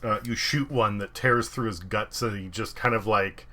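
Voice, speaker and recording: Bright-voiced male game master. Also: on the low side. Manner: vivid, halting combat narration with many fillers. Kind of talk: narrating a tabletop game.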